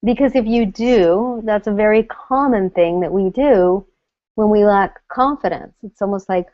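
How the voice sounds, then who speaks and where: Middle-aged female coach, animated teaching talk, dry muffled webcam audio. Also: medium pitch, a little slow, no echo. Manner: animated, acts out scared inner voices. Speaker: confidence coach hosting a live web session. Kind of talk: coaching talk to an online audience.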